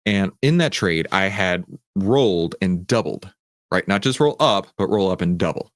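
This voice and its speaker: A man hosting a live trading Q&A stream, talking in an animated, rambling, self-mocking way. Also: sits low, normal speed, no echo, clean studio sound. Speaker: trading coach and stream host.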